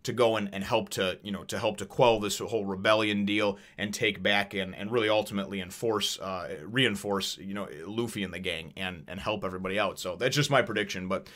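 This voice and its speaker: His pitch is fairly low and a bit bright, his tone steady, and he moves fairly quickly with hardly any pauses. The man is casually reviewing a manga chapter, wandering off on tangents, cursing, chuckling and dropping lots of fillers.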